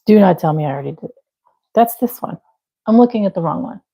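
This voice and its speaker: Young woman, live craft-stream host; husky, low-lit mellow voice, casual and self-deprecating. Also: animated, fast talker, low-quality recording. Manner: chatty, self-deprecating, talks to viewers while working. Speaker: livestream crochet host.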